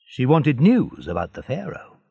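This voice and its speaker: A man's voice: mid-range voice, huge pitch swings, moderate pace, gravelly, husky, no room sound, phone-quality sound, exaggerated voice. A man voicing a kindly, fatherly ship owner in a storybook reading. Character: older male ship owner, kindly and warm.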